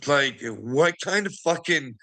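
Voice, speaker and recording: Male commentator, bright tone, mocking and profane, frequent laughter. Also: fairly high pitch, animated, takes it slowly. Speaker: online commentator. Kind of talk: casual rant.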